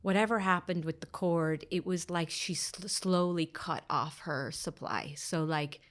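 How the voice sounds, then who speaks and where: Woman, podcast guest, low voice, recounting a loss with hushed, whispery stretches. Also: a little slow. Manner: drops to a hushed whisper at painful moments; acts out others' words in quotes. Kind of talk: emotional personal storytelling.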